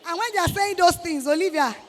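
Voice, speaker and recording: A Nigerian-accented woman with a high, bright voice lectures students with lively scolding energy, acting out the people she quotes. Her talk rings through a large hall with a long reverb tail. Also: fast talker. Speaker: guest speaker to students. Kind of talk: motivational talk.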